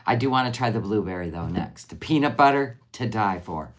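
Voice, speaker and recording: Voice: deep voice, a little slow, long pauses. A live-streamer chatting casually while finishing crafts, rambling and answering viewer comments as they come in. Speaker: livestream crafter.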